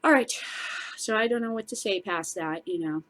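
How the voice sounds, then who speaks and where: A woman's voice: on the low side, fairly quick. A middle-aged woman hosting her own show, ranting in a furious, profane casual vlog. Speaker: show host. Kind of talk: angry casual vlog rant.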